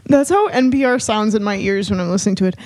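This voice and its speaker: A woman's voice: mid-range voice, fast, a little mellow, dry recording. A woman co-hosting a podcast in casual chat, playful and giggly, talking very close to the mic. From American South. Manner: playful, giggly, sings silly filler sounds. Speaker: podcast co-host.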